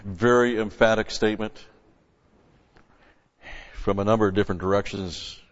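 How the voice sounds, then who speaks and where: A man teaching through Bible verses as a pastor, punching key words loudly and then dropping into quick, quieter asides. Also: fairly low pitch, steady tone. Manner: emphatic, swells loud on scripture then drops to asides. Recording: lo-fi recording with long hall reverb.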